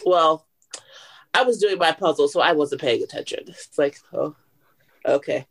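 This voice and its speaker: A woman's voice: low-pitched, normal speed, a bit bright. A woman telling family stories in a casual chat, with dry, sarcastic humor.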